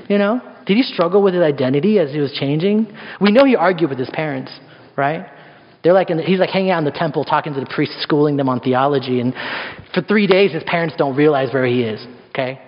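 Male pastor, fairly high voice, chatty sermon delivery with rhetorical questions; dull sound. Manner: conversational, lots of rhetorical questions. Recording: echoey hall, dull sound.

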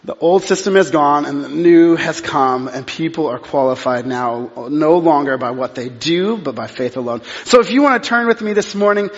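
A middle-aged male pastor preaching a sermon in a church, telling a story in an animated way and acting out both sides of the exchange. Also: a little high, moderate pace, few pauses. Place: church sanctuary. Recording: dull sound with long hall reverb.

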